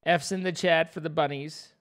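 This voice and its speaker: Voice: mid-range voice, steady tone, moderate pace. A young adult streamer giving playful, rambling live commentary over a game, breaking into squeals of mock panic.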